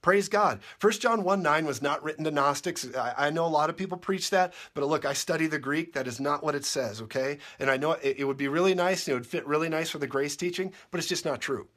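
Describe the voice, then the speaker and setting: A man preaching a sermon, insistent and repetitive, dropping quiet and then rising to shouts. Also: a little high, brisk, few pauses.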